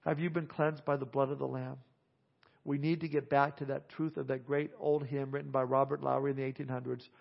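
A male pastor preaching earnestly, slowing on key phrases, then leading a prayer. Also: medium pitch, level tone, creaky. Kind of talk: sermon with altar call and prayer. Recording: dull lo-fi sound.

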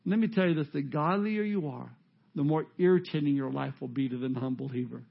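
A man preaching a sermon as pastor, emphatic and rising to loud peaks. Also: on the high side, fairly quick, vocal fry, muffled recording.

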